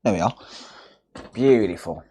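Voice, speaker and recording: With a little hiss or hum in the background, a man speaks in a fairly low voice at a measured pace. He's a West Midlands Englishman with a regional accent, running a relaxed, chatty repair livestream and greeting viewers by name as he works.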